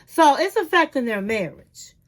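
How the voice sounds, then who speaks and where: A woman's voice: high voice, very animated, normal speed, poor audio. A middle-aged woman giving chatty, candid commentary as she recaps a reality TV episode, often calling the listener "honey.".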